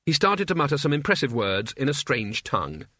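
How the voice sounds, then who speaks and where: A man's voice: mid-range voice, sing-song, brisk, pushed and bright, dry recording. A man narrating an audiobook in a dry, wry storytelling manner. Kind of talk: scripted narration.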